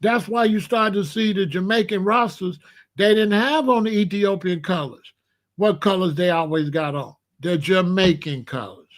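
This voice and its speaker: A man's voice: high voice, moderate pace. A man from Chicago hosting a blunt, profane commentary rant. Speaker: host.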